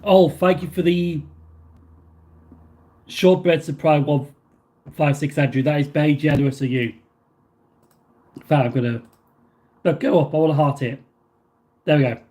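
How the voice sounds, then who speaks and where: A man's voice: a little high, fairly even intonation, normal speed, pauses often, dark tone. A man hosting a casual livestream, reading viewer messages aloud and answering them in a rambling, filler-heavy way. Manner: rambling, with many fillers and restarts. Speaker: livestream host.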